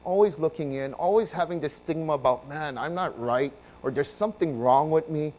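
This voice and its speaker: A man preaching a sermon, moving from quiet, low passages to loud, emphatic ones and asking his listeners questions. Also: normal speed. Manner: swings from soft and low to loud and emphatic, asks the congregation questions. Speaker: pastor.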